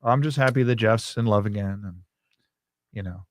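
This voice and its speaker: A man's voice: lowish voice, normal speed, no echo, studio quality. A man chatting as a guest on a radio show, wry and playful with sarcastic jokes. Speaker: guest from a food site. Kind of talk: casual chat.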